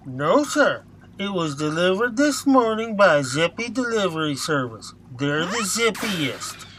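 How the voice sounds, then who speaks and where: A man voicing a timid, dutiful young male office assistant who speaks slowly and deferentially, with faint noise behind. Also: high voice, big pitch swings, fairly bright tone, full character voice.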